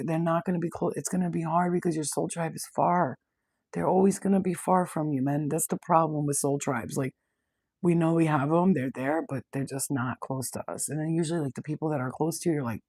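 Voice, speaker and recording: A woman's voice: sits low, brisk, a little mellow, breathy edge, dry recording. A woman, a spiritual reader, talking casually and bluntly to her viewers, swearing freely. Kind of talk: casual direct-to-camera chat.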